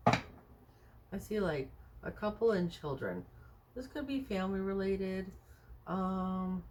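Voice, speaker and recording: A woman's voice: mid-range voice, expressive, extremely slow, long pauses, noisy background. A woman doing a casual tarot reading for viewers, thinking aloud with many fillers and rhetorical questions in a chatty, reassuring way. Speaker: tarot card reader.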